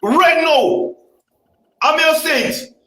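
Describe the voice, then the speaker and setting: A man's voice: very high-pitched, takes it slowly, pushed and bright, reverberant, rough recording. A Jamaican man arguing heatedly in a call-in debate, emphatic and repetitive, stumbling over restarts.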